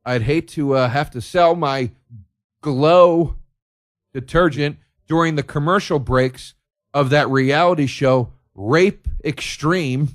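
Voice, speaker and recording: Hollow male ad man, bright and salesy, put on by a comedian. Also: fairly high pitch, takes it slowly. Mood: falsely sincere. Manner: chipper, falsely sincere salesman tone. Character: phony, chipper male advertiser.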